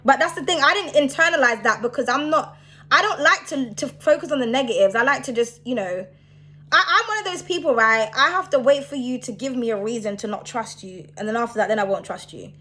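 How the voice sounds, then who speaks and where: A woman's voice: on the high side, expressive, brisk, bright, forceful tone. A young woman who reads tarot, ranting bluntly and with a lot of swearing in a casual vlog. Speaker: tarot reader.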